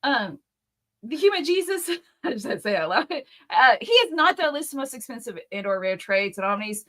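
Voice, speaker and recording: A woman in her thirties co-hosting a live comics Q&A, chatting in a giggly, animated way and sometimes hunting for words. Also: on the high side, a little fast. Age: 30s. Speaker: comics channel co-host. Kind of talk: casual live Q&A chat.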